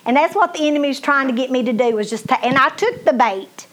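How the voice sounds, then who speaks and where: A middle-aged woman preaches her own testimony in a folksy, emphatic way. Her voice sits high, and she keeps turning to address her listeners directly. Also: expressive, quick pace, fairly bright tone. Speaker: minister. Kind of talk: testimony sermon.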